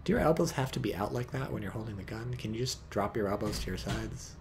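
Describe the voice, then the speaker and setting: A man's voice: fairly low pitch, animated, fast, gravelly, background noise. A man commentating a strategy game on a live stream, joking and rambling while reading out chat.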